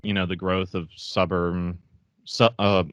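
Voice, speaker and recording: A man's voice: deep voice, flat delivery, measured pace, a bit bright, no echo. A man co-hosting a casual podcast, laid-back and brief. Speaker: podcast co-host.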